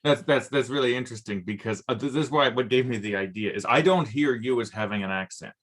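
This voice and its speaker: A man from Canada with a Southern Ontario accent, hosting a casual interview and talking in halting, restarting phrases. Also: medium pitch, fairly bright tone. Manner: halting, many restarts and fillers. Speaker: podcast host.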